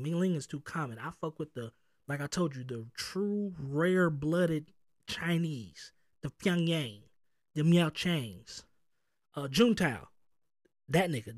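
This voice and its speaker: A man's voice: medium pitch, no echo, studio quality. A man with a Southern US accent hosting his own podcast from home, talking loose and profane with street slang and jokes. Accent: Southern US (North Carolina). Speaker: podcast host. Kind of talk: casual chat.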